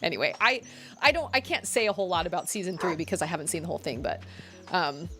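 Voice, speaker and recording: Chatty woman gamer talking while she plays, animated up-and-down delivery, soft music behind. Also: on the low side. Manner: chatty, rambling, many "like"s, quick laughs. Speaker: game streamer. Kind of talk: casual chat while playing.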